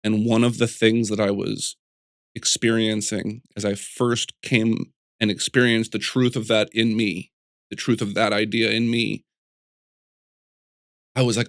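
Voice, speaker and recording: A man who sculpts, chatting as an interview guest, telling animated stories full of restarts and little voices. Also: on the low side, unhurried, no echo, studio quality. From United States. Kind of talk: casual interview chat.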